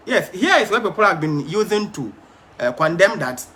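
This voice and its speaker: A man's voice: on the high side, expressive, normal speed, sharp tone. A man preaching a Bible study sermon, emphatic, stumbling and repeating words, and asking his audience questions.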